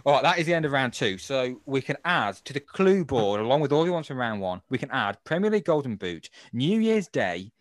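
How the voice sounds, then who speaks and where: A man's voice: medium pitch, very animated, brisk, few pauses, dry recording. A man hosting a casual podcast quiz, explaining the rules with playful asides. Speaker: quiz host.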